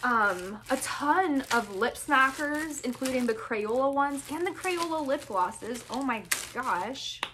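Young woman, bright high voice, excited vlog chatter, gushing and breathless; faint noise in the background. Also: takes it slowly, few pauses. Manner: gushing, breathless, keeps repeating "oh my gosh". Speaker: vlogger opening fan mail.

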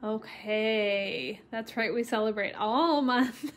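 A woman's voice: fairly high pitch, slow. A woman teaching a live-streamed craft tutorial, chatty and encouraging, chatting with viewers and laughing often. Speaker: watercolor stamping instructor.

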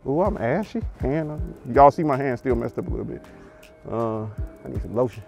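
A man's voice: medium pitch, expressive, moderate pace, gravelly, a little mellow. Joking man vlogging from a bike. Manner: joking, self-mocking, loose slang. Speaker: moto vlogger. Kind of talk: casual ride vlog. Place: outdoors riding an e-bike on a greenway. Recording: music playing under outdoor ride audio. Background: background music.

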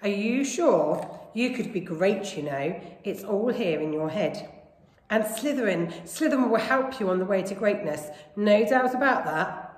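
A woman voicing a slow, musing old magic hat. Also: mid-range voice, lively intonation, close to an everyday voice. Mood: pondering. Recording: echoey room with long reverb.

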